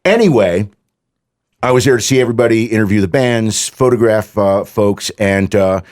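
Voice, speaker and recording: A low-voiced man in a radio studio spins animated stories, full of quick asides and easy laughter. He talks into a studio mic in a casual chat. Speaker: radio guest host. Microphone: studio microphone.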